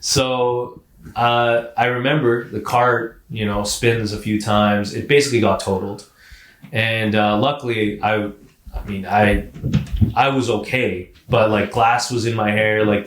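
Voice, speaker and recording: A man co-hosting a podcast, telling a personal story in a casual, animated way, swearing and saying "like" often. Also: on the low side, roomy sound, a little hiss or hum. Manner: animated, profane, repeats words and says "like" often. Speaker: podcast co-host.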